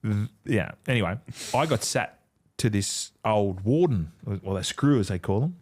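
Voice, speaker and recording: A man's voice: lowish voice, animated, measured pace. A middle-aged Australian man, a former footballer, telling stories in a casual chat. He swears freely and acts out other people's lines. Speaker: podcast guest, former rugby league player.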